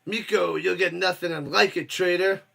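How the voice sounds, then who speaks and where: A man with a fairly high voice hosts a live watch party stream, mixing casual play-by-play with chat. He talks loosely and jokes around, and his voice jumps up when a big play happens. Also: steady tone, moderate pace, vocal fry, fairly bright tone, slightly rough. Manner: loose, jokey, reads chat, bursts up for plays.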